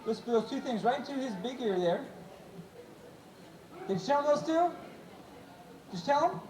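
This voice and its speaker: A man hosting a live animal show, playful and jokey, calling quick commands to a dog and teasing a volunteer. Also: very high voice, lively intonation, a little mellow. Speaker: animal trainer and show host. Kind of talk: live stage show patter. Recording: echoey, distant, crowd noise, amateur camcorder. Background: audience cheers and laughter.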